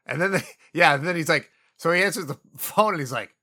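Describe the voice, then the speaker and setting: A man casually discussing a comedy film, animated and swearing freely as he retells scenes. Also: on the high side, a little fast.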